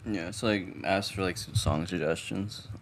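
A young man in relaxed casual chat, laid-back and thinking aloud. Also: sits low, normal speed. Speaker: friend in gym chat.

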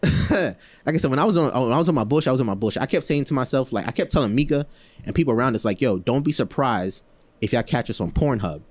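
Animated, slang-heavy male storyteller. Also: medium pitch, fast. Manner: animated, acts out quoted voices, laughs often; loose slang-heavy talk with frequent fillers. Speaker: podcast co-host telling a story. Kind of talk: casual storytelling chat.

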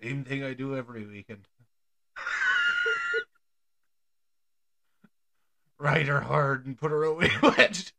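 Brief: man doing boastful Irish inmate, gravelly put-on brogue. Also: a little high, huge pitch swings, extremely slow, pauses often, sharp tone, exaggerated voice. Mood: blustering. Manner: mock-tough, blustering. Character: gruff male Irish jailbird, boastful.

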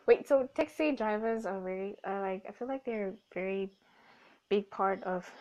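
A young Namibian woman hosts a casual podcast, her medium-pitched, darkish voice moving at a normal speed. She rambles, corrects herself, cracks jokes and laughs often. The lo-fi recording sounds dull.

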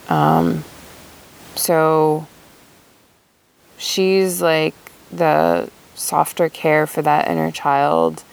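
A woman speaking in a thoughtful, hesitant personal monologue with many pauses. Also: fairly low pitch, vocal fry.

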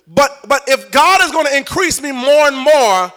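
A man's voice: extremely high pitch, expressive, moderate pace, fairly bright tone. A middle-aged man preaching a live sermon in church, joking with and coaxing the congregation.

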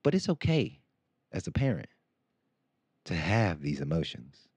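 Deep-voiced man, candid dad monologue. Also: sing-song, a little slow, a little mellow, slightly rough, no echo. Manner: candid, conversational, acts out quotes. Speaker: podcast host. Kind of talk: casual podcast monologue.

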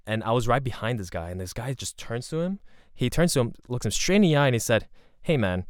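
A man telling a rambling, profane story in a casual, animated way. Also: medium pitch, quick pace, no echo, clean studio sound.

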